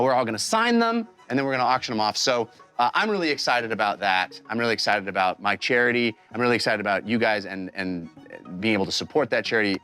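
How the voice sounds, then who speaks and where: A man hosts a tabletop game stream, closing out the episode with laughter and rambling thanks. His pitch moves in a lively way and he trips over his words, while faint music plays behind him. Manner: animated, laughing, full of fillers. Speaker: game master and host. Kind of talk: tabletop game show wrap-up.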